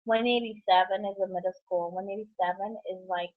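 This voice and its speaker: A woman's voice: mid-range voice, steady tone, a little fast. A young woman from New York City telling a heartfelt personal story in a rambling vlog, laughing often between thoughts. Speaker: vlogger. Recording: tinny phone-like recording.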